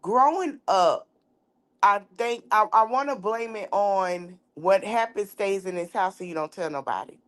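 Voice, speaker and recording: A woman in her thirties hosting a podcast, speaking in an outspoken, animated way as she tells a personal story and acts out the dialogue. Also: mid-range voice, moderate pace, hardly any pauses. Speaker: podcast host. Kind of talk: candid casual commentary and storytelling.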